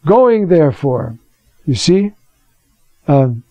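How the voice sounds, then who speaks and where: Priest teaching, lo-fi recording. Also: male voice, on the high side, big pitch swings, slow pace, no room sound. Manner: conversational, rhetorical questions, fillers. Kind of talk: teaching sermon. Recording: dull lo-fi recording.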